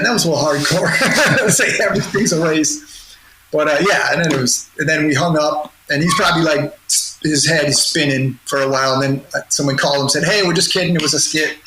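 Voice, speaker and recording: Guest producer, middle-aged man, loose talker, lots of restarts; roomy recording with background noise. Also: on the high side. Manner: rambling, laughing, many restarts and quoted voices. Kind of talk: casual storytelling in a podcast interview. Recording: roomy sound with noticeable noise.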